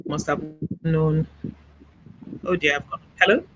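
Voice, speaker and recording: A woman from Nigeria, interviewed over a video call, recounts her own experience in a soft, halting way. She often stops to gather her words and leans on small fillers. Her voice is bright and slightly tense. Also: low voice, highs cut off, slight background noise. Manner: soft-spoken, halting, reflective, many "you know" fillers. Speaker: interview guest.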